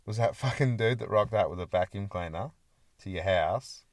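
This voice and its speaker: A man's voice: fairly low pitch, moderate pace, no echo, clean studio sound. A man co-hosting a casual podcast, joking and swearing as he chats with a friend. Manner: swearing, joking, slips into mock voices. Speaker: podcast co-host. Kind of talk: casual chat.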